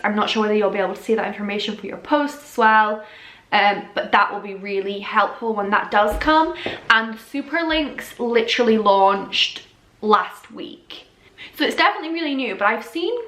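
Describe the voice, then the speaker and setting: Chatty woman, slightly hoarse. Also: medium pitch, a bit bright. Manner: chatty, frequent ums and self-corrections. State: slightly losing her voice. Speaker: fashion influencer. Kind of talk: casual explainer vlog. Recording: echoey room.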